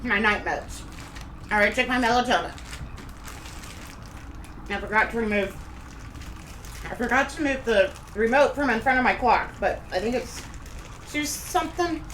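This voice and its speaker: A woman's voice: on the high side, moderate pace, pauses often, a bit bright. A middle-aged woman from Kansas, chatting casually and rambling as she live-streams from home. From Kansas, USA. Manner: rambling, chatty, talks while eating. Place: home room. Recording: echoey room, faint background noise.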